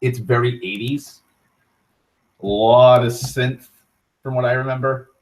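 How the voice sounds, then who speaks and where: A young man hosting an online talk show, rambling casually with frequent profanity, restarts and excited tangents. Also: medium pitch, measured pace, rough recording. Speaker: internet talk show host.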